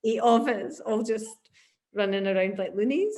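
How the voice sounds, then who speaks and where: A Scottish woman in her fifties, a musician looking back on her life in an oral history interview, telling lively stories and laughing often. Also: medium pitch, normal speed. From Glasgow, Scotland. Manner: animated storyteller, laughs often.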